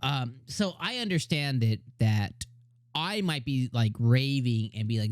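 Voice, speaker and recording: A man's voice: medium pitch, a little fast, dry recording. Laughing man reviewing anime, dry close sound. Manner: laughs often, rambling, animated storytelling. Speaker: anime reviewer, channel host. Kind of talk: casual review chat.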